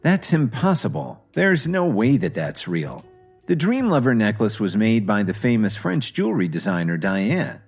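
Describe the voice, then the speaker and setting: A man voicing an arrogant, jealous rich man who shouts and taunts. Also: fairly low pitch, very animated, normal speed, husky, faint music behind, exaggerated voice. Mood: scoffing.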